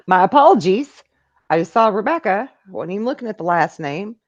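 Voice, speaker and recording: A woman's voice: mid-range voice, sing-song, normal speed, no room sound, muffled recording. A middle-aged woman hosting a live call-in stream, chatting casually and reading viewer messages aloud. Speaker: live call-in show host.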